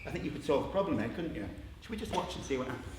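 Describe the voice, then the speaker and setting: A man leading an interactive drama workshop, coaxing participants and narrating a story in a lively way. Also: fairly high pitch, racing, noisy background. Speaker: workshop leader. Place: theatre stage with a group. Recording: echoey theatre with audience.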